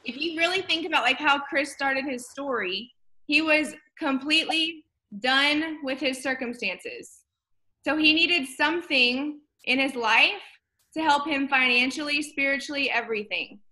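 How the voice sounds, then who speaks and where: A woman's voice: high-pitched, unhurried, bright, forceful tone. A woman hosting a team call, wrapping it up in an upbeat, casual way with many fillers. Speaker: call host.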